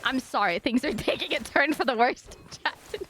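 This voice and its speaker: A woman's voice: high voice, animated, a little fast, a bit bright, faint music behind. A young woman streaming live, chatting casually with her viewers in a giggly, rambling, apologetic way.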